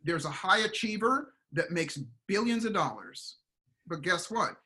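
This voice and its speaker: Bright, lively motivational man. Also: high-pitched, a little slow. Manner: animated storyteller, acts out voices in quotes. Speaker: guest, performance coach. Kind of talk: casual motivational interview talk.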